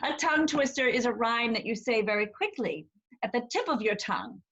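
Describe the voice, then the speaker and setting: A woman's voice: a little high, expressive, a bit bright, lo-fi sound. A woman performing as a cheerful motherly Mother Goose, coaxing children in a sing-song way and singing and reciting nursery rhymes. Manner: sings and recites rhymes, rapid tongue twisters.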